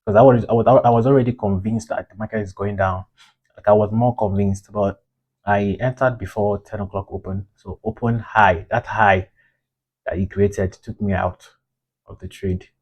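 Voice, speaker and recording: Man, day trader, rambling self-critical review, husky lowish voice. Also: darkish tone. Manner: frustrated, rambling, scolding himself.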